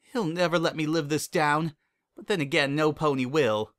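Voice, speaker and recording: A man's voice: fairly high pitch, normal speed, a bit bright, pitched above the performer's own voice, close to an everyday voice. A man doing a fretful, bookish pony girl. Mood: anxious. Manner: anxious, fretful. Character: nervous, bookish young female pony.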